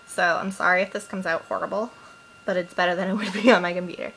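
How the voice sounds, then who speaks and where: A vlogger in her twenties from Boston, Massachusetts, with a Boston accent, makes a casual accent challenge vlog, jokily reading questions aloud and then answering them. Her voice is on the low side, fast, fairly even in intonation, a bit bright, with vocal fry. The iPod built-in mic gives poor audio with slight background noise.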